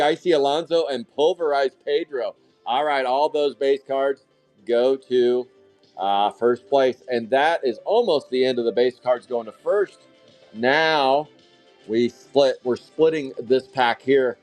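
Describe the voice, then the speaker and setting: A man hosting a live trading card break, calling out each pull with hype-filled, casual commentary and the odd curse. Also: medium pitch. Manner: hype-driven, excitable calling of card pulls, casual swearing.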